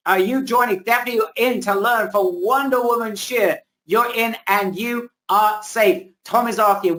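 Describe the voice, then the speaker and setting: A man hosting a live webinar, pitching energetically and repeating himself, losing his voice a little. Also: fairly bright tone, low-quality recording. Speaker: webinar host. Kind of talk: hyped live sales pitch. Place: home, indoors.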